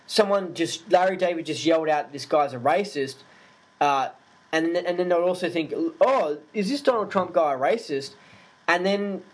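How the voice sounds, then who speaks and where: A man ranting casually to camera, animated and indignant, swearing freely and using lots of fillers. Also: on the high side, low-quality recording.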